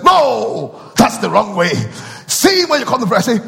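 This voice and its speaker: A man preaching a sermon with call-and-response, swinging from loud chanting to low, intimate asides. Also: sing-song, moderate pace, gravelly, hardly any pauses. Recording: long hall reverb with faint music.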